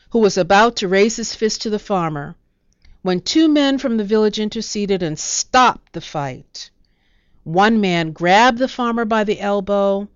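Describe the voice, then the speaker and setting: Woman, storybook narration, smooth clear voice, dry dull lo-fi sound. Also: mid-range voice, dry recording. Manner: measured, expressive reading.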